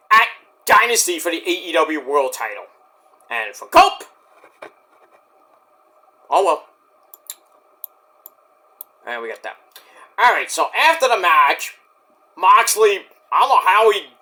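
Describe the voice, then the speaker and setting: A man's voice: sits high, pushed and bright. A man reviewing a wrestling show in casual chat, rambling, sarcastic and profane.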